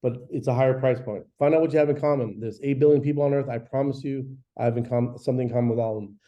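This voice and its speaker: Man, forties, real estate class teacher, energetic chatty delivery, deep mellow timbre, muffled lo-fi sound. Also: very fast. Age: 40s. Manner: energetic, chatty, acts out phone calls. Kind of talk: live training class talk. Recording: dull lo-fi recording.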